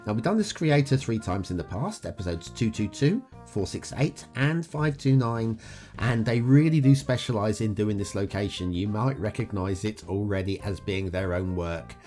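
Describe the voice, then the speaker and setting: A man with a fairly low voice hosts a game review show in an upbeat, chatty commentary style. His pitch rises and falls a lot as he talks, and he drops in plenty of "uh" fillers. Faint guitar music plays underneath. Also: animated, moderate pace, darkish tone. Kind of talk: casual gameplay commentary.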